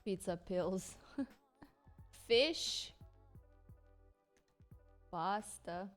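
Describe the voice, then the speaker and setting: A woman's voice: medium pitch, lively intonation, very slow, soft background music. A young woman with a Ukrainian accent chatting casually on a live stream, rambling, giggling and searching for her English words.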